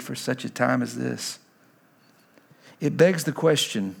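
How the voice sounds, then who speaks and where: A male pastor preaching a sermon to his congregation, emphatic and shifting between loud and hushed delivery. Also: medium pitch, takes it slowly, creaky, long pauses, slightly rough.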